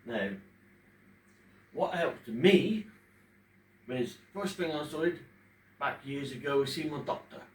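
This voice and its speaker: A man in his fifties speaking emotionally at home in front of a fish tank, pausing often as he talks about his own experience. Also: medium pitch. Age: 50s. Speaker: vlogger talking about his depression. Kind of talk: unscripted personal talk to camera. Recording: echoey room, distant mic, faint background hum.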